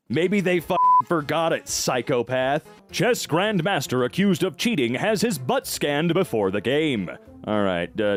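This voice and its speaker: Animated sarcastic young man reading posts. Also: on the high side. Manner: sarcastic, animated, quick asides. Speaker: comedy commentator. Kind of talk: comedic reading and riffing on internet posts.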